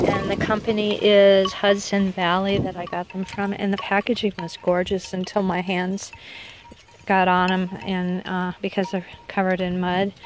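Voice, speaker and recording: A woman's voice: medium pitch, background noise. A middle-aged woman giving a rambling, casual tour of her garden, often correcting herself mid-sentence. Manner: rambling, chatty, self-correcting. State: unwell, with hiccups. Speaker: vlogger showing her garden. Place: outdoor backyard garden.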